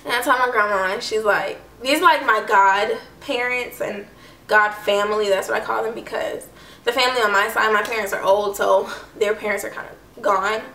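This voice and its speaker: A woman's voice: mid-range voice, fairly even intonation, normal speed, sharp tone, far from the mic, slight background noise. A young woman telling a personal story to camera in a casual, chatty way, full of "like" and "I don't know". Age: young adult. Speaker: vlogger. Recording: echoey room, voice a bit off-mic.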